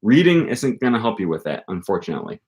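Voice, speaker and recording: A man's voice: on the low side, sing-song, quick pace, a little mellow. A young man casually explaining language learning to his viewers, chatty, with frequent ums and okays and emphatic stresses in his examples. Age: young adult. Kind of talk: casual explanatory talk answering viewer questions.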